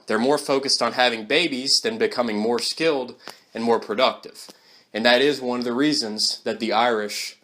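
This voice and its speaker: A man's voice: medium pitch, sharp tone. A man giving a blunt, scornful opinion monologue straight to the camera. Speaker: vlogger.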